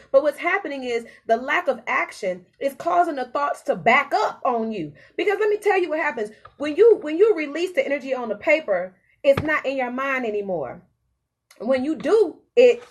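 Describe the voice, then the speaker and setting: A woman podcast host giving an animated, preachy motivational self-help talk with repetitive phrasing. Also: high-pitched, slight background noise.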